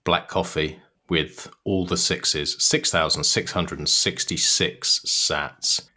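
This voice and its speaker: Deep-voiced man, bright tone, British, casual podcast co-host, swears. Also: fairly even intonation, takes it slowly. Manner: laughs often, swears casually. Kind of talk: casual podcast chat reading listener messages.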